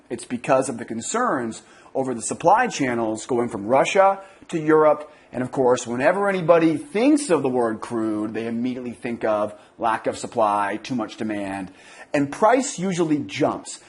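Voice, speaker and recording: An American man in his thirties giving casual, rambling day trading market commentary, talking with many fillers and restarts. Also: medium pitch. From United States. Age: 30s. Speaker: day trading newsletter host.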